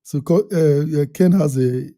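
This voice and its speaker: A man's voice: fairly high pitch, a little slow, dark tone, no echo, clean studio sound. A man co-hosting a casual chat show, talking conversationally and often agreeing and chiming in.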